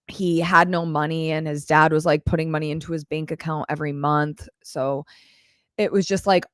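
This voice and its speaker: A woman's voice: low-pitched, no room sound, studio quality. A young woman hosting a live chat, telling a personal story casually on a clip-on mic, full of "like" and laughter. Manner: chatty, peppered with "like", laughs while telling. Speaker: host.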